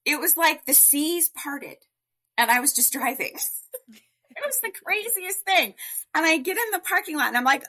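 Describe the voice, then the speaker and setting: A woman telling her story as a guest in a podcast interview, chatty and animated, with many fillers. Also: sits high, normal speed.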